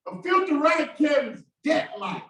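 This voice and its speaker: In a church sanctuary, a male pastor with a very high, sing-song voice preaches at a measured pace. He leads call-and-response, breaking into shouts and then dropping suddenly, and the distant recording echoes heavily.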